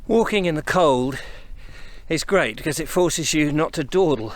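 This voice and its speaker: Here a man from England, his voice on the high side with lively intonation and a moderate pace, talks casually to camera while hiking country footpaths. He's a little out of breath and chats in a rambling way, thinking aloud. The camera sits on a tripod that he sets up and brings with him.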